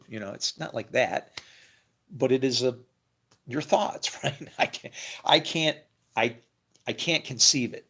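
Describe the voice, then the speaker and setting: A man's voice: medium pitch, moderate pace, creaky, fairly bright tone. A man talking casually to his viewers about faith, rambling and laughing often as he thinks aloud. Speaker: religious video creator. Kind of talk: casual monologue to camera.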